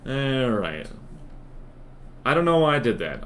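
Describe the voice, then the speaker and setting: A man's voice: mid-range voice, big pitch swings, slow, pauses often, a little hiss or hum. A man streaming a game live, chatting casually and rambling with lots of fillers and self-deprecating asides. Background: faint music and keyboard typing.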